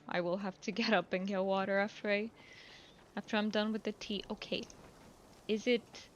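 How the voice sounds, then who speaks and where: A young woman game streamer chatting casually and relaxed, laughing easily. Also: medium pitch, muffled recording. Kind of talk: casual live-stream chat. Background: faint game music.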